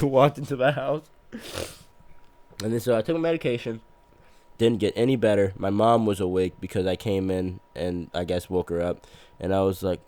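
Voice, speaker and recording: A man's voice: low-pitched, a little mellow, no echo. A man as a podcast guest, telling a long casual story in a rambling, self-mocking way and laughing through his words.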